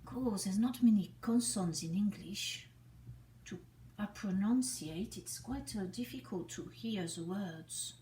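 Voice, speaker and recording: A woman muses on camera in a slow, unhurried way, often slipping into a whisper. She sounds hesitant and soft. She is heard from a distance in an echoey room with a faint hiss behind her. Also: medium pitch. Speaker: vlogger. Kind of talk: improvised solo vlog.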